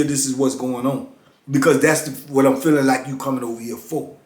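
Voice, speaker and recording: A man's voice: mid-range voice, steady tone, brisk, a little mellow, slight background noise. A middle-aged man, a former prisoner, telling a story in a blunt, streetwise, casual way. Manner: blunt, streetwise, repeats "you know what I'm saying". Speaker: former prisoner and motivational speaker. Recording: echoey room.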